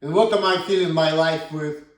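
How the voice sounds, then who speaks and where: A man's voice: on the high side, normal speed. A man in his thirties with a Russian accent, ranting bluntly and swearing a lot in a casual monologue. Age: 30s. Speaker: vlogger. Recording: echoey room, from far off.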